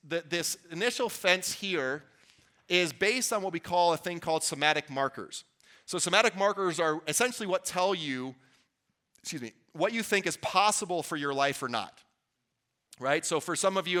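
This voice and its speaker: At an event venue, a man delivers an earnest motivational workshop talk to a live audience in a slightly high, bright, forceful voice. His conversational delivery includes restarts and asides to the listeners.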